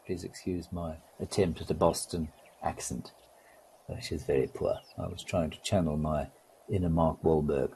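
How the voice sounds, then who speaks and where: A man hosting a live wildlife stream, talking in a relaxed, gently wry way and greeting viewers. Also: low-pitched, normal speed, a little hiss or hum, poor audio.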